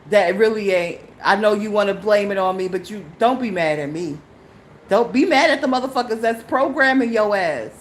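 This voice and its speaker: A middle-aged woman, hosting a solo live podcast and telling a story with animation, swinging between low mocking quotes and high indignant outbursts. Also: fairly bright tone, slight background noise, poor audio. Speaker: podcast host.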